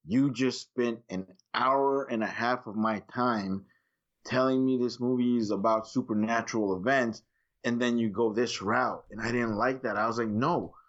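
A man co-hosting a movie review podcast in casual chat, animated and swearing freely as he acts out his own reactions. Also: medium pitch, normal speed, lo-fi sound.

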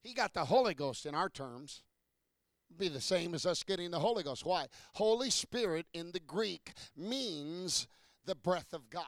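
A man preaching a sermon to a congregation, asking questions and building from low talk to shouted peaks. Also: animated, a little slow, no room sound, clean studio sound.

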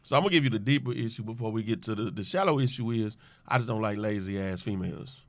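A man's voice: on the low side, fast talker, no echo. A man in casual podcast banter, talking bluntly and profanely, preaching his views.

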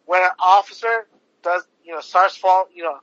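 A male podcast host speaks at normal speed in a high, somewhat bright voice, ranting casually with heavy profanity and many fillers and restarts. The audio is dry, dull, and lo-fi.

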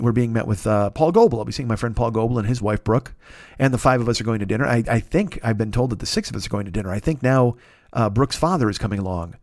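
A man in his fifties talks quickly and loosely through a solo podcast monologue, excitable and swearing freely. His voice sits at an ordinary pitch and is caught close on the mic with a dry, roomless sound. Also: no echo. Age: 50s. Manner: profane, rambling and excitable. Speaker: podcast host.

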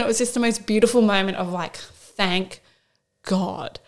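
A woman's voice: medium pitch, normal speed. A young woman co-hosting a podcast, telling a personal story in a candid, rambling way with lots of fillers. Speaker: podcast co-host. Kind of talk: casual storytelling chat.

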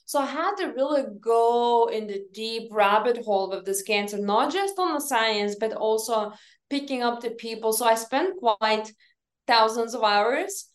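A woman speaks as an interview guest in a voice a little higher than most. She tells her story earnestly and emphatically, with slightly grammar. The recording has a roomy, echoey sound. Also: lively intonation, measured pace. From Lithuania. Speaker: podcast guest, company founder.

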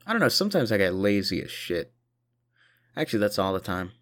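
A man's voice: fairly low pitch, big pitch swings, a little fast, a bit bright. A tired man rambling profanely through a casual video monologue, short on sleep. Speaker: vlogger.

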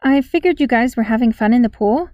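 A woman's voice: a little high, lively intonation, a little fast, no room sound, lo-fi sound, lightly acted. A woman doing a shy teenage girl. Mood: sheepish. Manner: quiet, hesitant.

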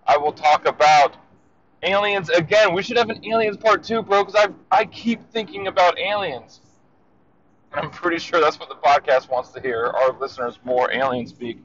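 A man co-hosting a podcast, from Florida, rambling excitably and laughing as he records a message to his friend from his car. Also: fairly high pitch, moderate pace, highs cut off, a little hiss or hum. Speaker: podcast co-host. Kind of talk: casual voice-memo chat while driving. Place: in a car in traffic.

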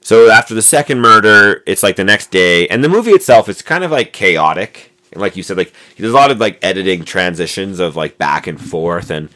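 A man with a deep, bright, forceful voice co-hosts a podcast, talking animatedly and a little fast with few pauses. His casual movie chat rambles along with lots of fillers and restarts, recorded on a noisy amateur mic.

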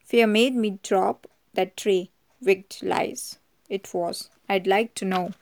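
A woman's voice: medium pitch, steady tone, takes it slowly, creaky, darkish tone. An anxious male butler speaks with urgency and coaxing insistence, as a woman reads him. It is a storybook reading. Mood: urgent.

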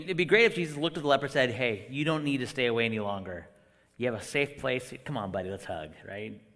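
A middle-aged man preaching a sermon, acting out quotes with sudden loud bursts and hushed whispers. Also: fairly high pitch, in a large hall. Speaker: guest preacher.

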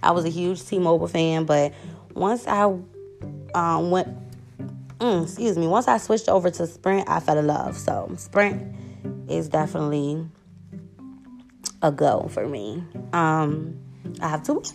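A young woman in her twenties answers questions to camera in an unhurried, gravelly voice. Her voice sits a little low, and she keeps pausing to excuse her hiccups and burps. Faint music plays behind her. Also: darkish tone. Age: 20s. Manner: hiccupping and burping, excusing herself often. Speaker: vlogger. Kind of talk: casual Q&A chat to camera.

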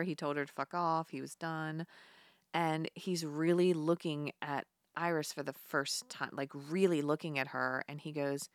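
Woman, low voice, dry close sound, casual chatty film recap, laughs and swears. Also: fairly even intonation, a little slow, dry recording. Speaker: podcast co-host.

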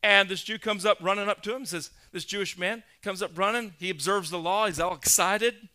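A male pastor preaching a sermon, emphatic, building to loud, insistent peaks and quizzing his congregation. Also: sits high, brisk.

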